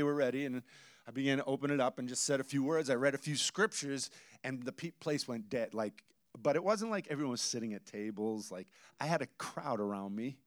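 A man preaching a sermon, telling stories with quoted dialogue and building to emphatic loud bursts, then dropping to low intense asides. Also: dry recording. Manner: storytelling with quoted dialogue and restarts. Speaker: pastor.

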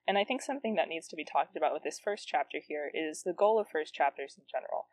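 A woman's voice: lowish voice, darkish tone. A woman hosting a podcast who reads her own teenage novel aloud and comments on it, self-mocking and laughing at it. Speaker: podcast host reading her teen novel. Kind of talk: reading aloud and casual commentary.

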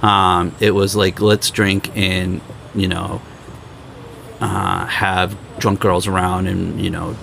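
Low gravelly guy telling road trip stories on a podcast, does voices for people, bit of hiss. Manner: animated storyteller, acts out quoted people in higher voices. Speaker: podcast host. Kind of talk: casual storytelling chat.

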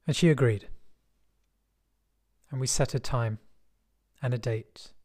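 Middle-aged man, West London accent, mid-pitched voice; reflective first-person storyteller, measured and dry-humoured. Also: darkish tone. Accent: West London English.

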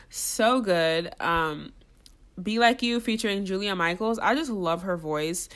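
A woman's voice: medium pitch, measured pace, fairly bright tone. A young woman co-hosting a casual album-ranking chat, gushing and laughing often.

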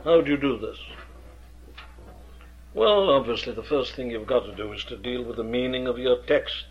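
A man's voice: mid-range voice, moderate pace, slight background noise. A man, an experienced preacher lecturing earnestly on how to preach, with emphatic rhetorical questions. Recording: dull lo-fi archive recording.

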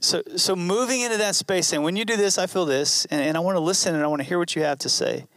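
A man's voice: high voice, fast talker, a bit bright, no room sound, studio quality. A man preaching a sermon in an earnest, conversational way, repeating key phrases. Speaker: pastor.

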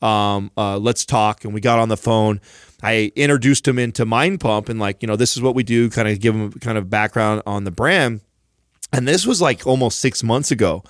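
A man co-hosts a podcast in a casual, story-driven way, slipping into other people's voices when he quotes them. His voice sits on the low side, and the studio sound is close and dry. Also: a bit bright, no room sound. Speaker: podcast co-host. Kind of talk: casual chat.

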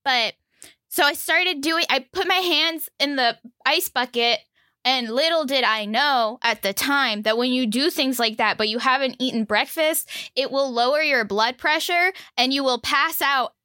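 A young woman telling a story in casual chat, animated, laughing often and swearing freely. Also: high voice, unhurried, no room sound, studio quality.

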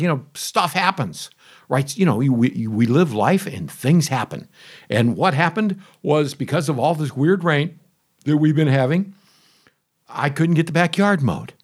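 A man's voice: medium pitch, lively intonation, a little slow. Chatty man rambling about his mower. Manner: chatty, conversational, self-interrupting; exasperated grumbling asides. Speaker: homeowner reviewing a lawn mower. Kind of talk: casual rambling storytelling.

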